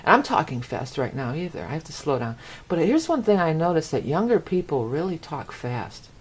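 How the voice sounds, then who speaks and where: A woman's voice: sits low, big pitch swings, fairly quick, slightly rough. A woman from the United States giving a rambling astrology forecast, often repeating words for emphasis. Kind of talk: casual monologue forecast.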